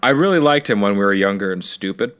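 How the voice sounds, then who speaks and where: A man's voice: lowish voice, animated, fast talker, a bit bright, clean tone. A man co-hosting a podcast, chatting casually with blunt, dry remarks. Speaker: podcast co-host. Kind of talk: casual chat.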